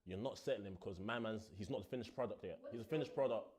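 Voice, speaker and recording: A man's voice: on the low side, quick pace, darkish tone. A man arguing his point in a casual group debate, full of street slang. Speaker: panel guest.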